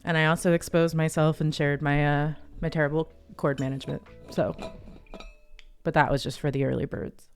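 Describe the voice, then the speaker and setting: Woman streamer rambling to chat, lowish voice, squeals when excited, faint music in the back. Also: moderate pace. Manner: chatty, giggly, bursts into high excited squeals. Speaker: livestream host. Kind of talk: casual livestream chat. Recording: dry close sound, faint music behind.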